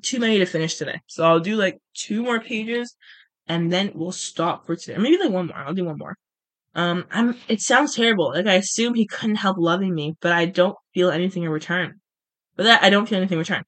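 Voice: medium pitch, fairly quick, a bit bright, dry recording. Brief: casual podcast reader, chatty asides between book passages. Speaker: podcast host reading a novel aloud.

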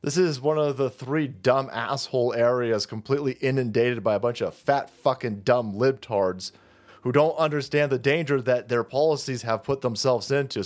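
A man hosting crude political commentary, mocking and swaggering, slipping into sneering mock voices. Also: medium pitch. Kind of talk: profane ranting commentary.

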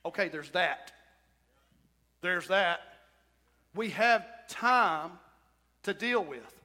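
A man preaching a sermon as pastor, with shouted whoops and emphatic repetition. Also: high-pitched, lively intonation, very slow. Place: church sanctuary. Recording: church hall reverb.

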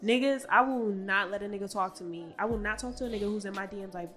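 A woman's voice: medium pitch, fast talker, fairly bright tone, faint music behind. A young woman co-hosting a podcast, telling candid stories in a dry way. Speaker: podcast co-host. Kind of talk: casual chat.

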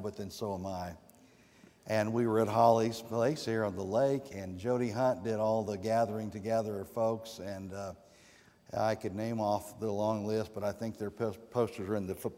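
A man preaching a sermon as a guest preacher, with sweeping rises and drops in pitch and loudness. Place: church sanctuary. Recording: long reverb of a church sanctuary.

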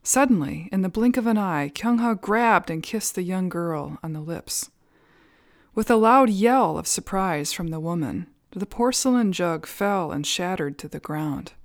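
A woman telling a teaching story for a podcast at a Zen center, calm and measured with a few soft fillers. Her voice sits on the low side. The sound is dry and close, with no room echo.

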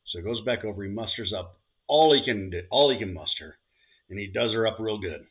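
Animated man telling jokes, tinny audio. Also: fairly low pitch, fairly quick. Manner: animated joke teller doing character voices. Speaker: podcast co-host. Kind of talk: casual joke telling.

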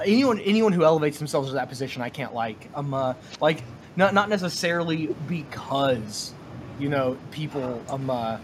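A man co-hosting a casual podcast discussion, talking in a halting way with many fillers and restarts. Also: fairly high pitch, expressive, a little hiss or hum. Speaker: podcast co-host.

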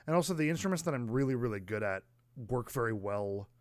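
A man co-hosting a podcast, animated and exclamatory, filling his talk with likes. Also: medium pitch, dry recording. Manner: animated, quick to exclaim, many filler likes. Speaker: podcast co-host, musician. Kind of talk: casual chat.

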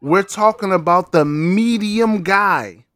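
Man, podcast host, slow and emphatic, slightly high voice, dry close sound. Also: fairly bright tone, no echo. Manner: slow, emphatic, profane banter. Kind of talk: casual sports chat.

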